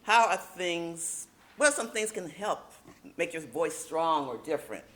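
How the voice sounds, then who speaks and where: A woman teaching a speaking workshop in a casual, emphatic way, slowing down to stress key points. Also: on the low side, expressive.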